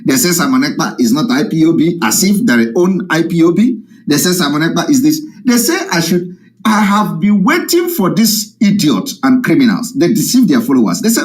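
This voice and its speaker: A man's voice: on the high side, very animated, normal speed. A man giving a heated, mocking live-stream monologue to his followers. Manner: combative, mocking, repetitive. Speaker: activist addressing followers. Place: live broadcast from home.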